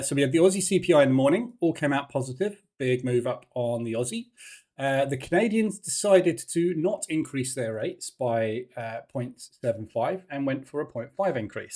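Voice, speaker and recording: A man's voice: medium pitch, animated, fairly quick, a little mellow. A man hosting a live trading stream, talking through market moves in a chatty, rambling way with lots of fillers and restarts, over a faulty mic.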